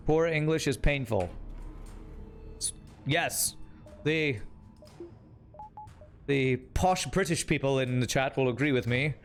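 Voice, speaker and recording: A man's voice: medium pitch, slow pace, pauses often, faint music behind. A young man streaming a game, casually commenting on play and teasing his chat in a wry way. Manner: wry, teasing, talks to chat while playing.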